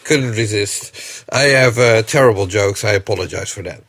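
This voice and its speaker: A man co-hosting a casual podcast, halting and joking, with many fillers, Dutch his first language. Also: fairly low pitch, a bit bright. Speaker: podcast co-host, magazine editor.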